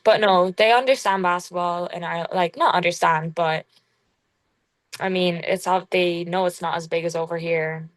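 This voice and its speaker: A woman's voice: on the low side, steady tone, moderate pace, no echo. A young woman from Kilkenny with an Irish accent, chatting casually as an interview guest and filling gaps with "um" and "like". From Kilkenny, Ireland. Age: young adult. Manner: chatty, laid-back, full of fillers. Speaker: college basketball player, guest.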